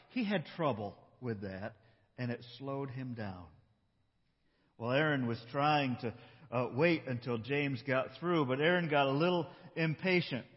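A man pastor delivers a sermon in an easy, storytelling way, slowing down to stress his points. His voice is somewhat high and husky. It carries a long hall reverb with a dull, muffled tone. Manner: conversational, slows for emphasis.

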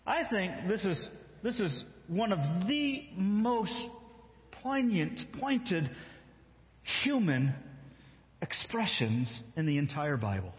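Slow, animated preacher in an echoey hall. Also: male voice, a little high. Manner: slow, emphatic storytelling with acted-out quotes. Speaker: pastor. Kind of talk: sermon. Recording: echoey hall, dull lo-fi sound.

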